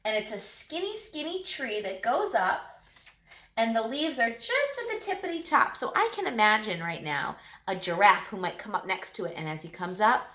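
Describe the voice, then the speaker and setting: A woman teacher giving a lesson to young children, talking in a lively, sing-song way. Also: a little high, roomy sound.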